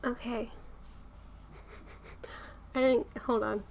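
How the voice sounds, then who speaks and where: A woman's voice: a little high, fairly even intonation, very slow, gravelly, a little mellow. A woman co-hosting a podcast in casual chat, giggly and self-conscious, laughing often. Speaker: podcast co-host.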